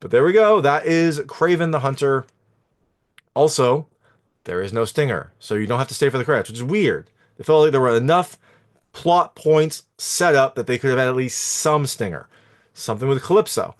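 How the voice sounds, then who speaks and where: A man's voice: medium pitch, animated, moderate pace. A man talking casually as a film reviewer, recapping a plot in a chatty, meandering way with many fillers. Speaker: movie reviewer.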